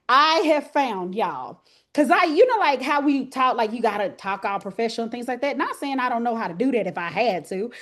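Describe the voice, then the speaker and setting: High-voiced Texas woman preaching. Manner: folksy, country slang, talks to listeners by name. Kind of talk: lively sermon to women's group.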